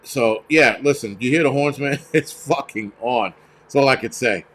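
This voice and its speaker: This livestream host has a fairly bright, medium-pitched voice and talks at a normal speed. He rants bluntly and profanely, full of fillers, as he reads viewer donations and chat and replies to them.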